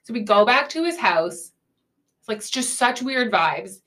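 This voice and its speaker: A woman's voice: on the high side, very animated, a little slow, fairly bright tone. A young woman hosting a podcast, candidly telling a dating story in casual chat, saying "like" often and swearing freely. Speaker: podcast host.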